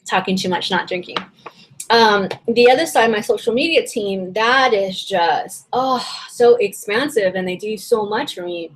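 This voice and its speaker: A woman coach talks members through an online session in a loose, chatty way. She rambles and restarts her sentences with plenty of fillers, and her voice sounds slightly hoarse and worn. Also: on the high side, unhurried, few pauses, a little hiss or hum, low-quality recording. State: voice a little hoarse and strained. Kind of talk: casual webinar teaching.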